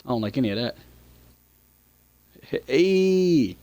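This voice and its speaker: A man narrating his own gameplay in a relaxed, casual way, reading out dialogue options and cracking jokes about them. His voice is an ordinary middle pitch. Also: slow, no room sound. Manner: reads dialogue choices aloud and jokes. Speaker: gaming YouTuber.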